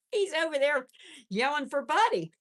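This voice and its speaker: A woman's voice: high voice, very animated, slow, fairly bright tone. A woman hosting a casual live stream from home on her phone, chatting with viewers and cooing at her pets. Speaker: pet channel host.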